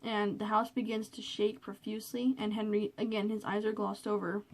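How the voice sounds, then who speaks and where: A woman's voice: mid-range voice, flat delivery, moderate pace. A woman vlogging alone in her bedroom into a cell phone, chatty and rambling with lots of fillers, a little nervous. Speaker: vlogger reviewing a movie. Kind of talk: casual chat.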